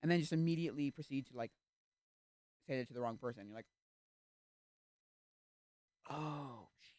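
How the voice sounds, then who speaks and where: A man streaming and chatting casually, animated and easily exasperated, acting out little reactions. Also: mid-range voice, fast talker, clean tone, no echo. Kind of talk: casual chat.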